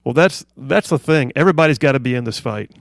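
Male talk radio host, gravelly voice, dry studio mic, emphatic, builds points through repetition. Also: mid-range voice, animated, fast talker, no echo. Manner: emphatic, repeats phrases for emphasis. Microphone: studio microphone.

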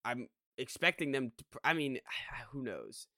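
A man's voice: medium pitch, very animated, measured pace, bright, forceful tone, dry recording, studio quality. A man co-hosting a casual sports podcast, rambling and venting his frustration with lots of restarts and sighs. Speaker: podcast co-host.

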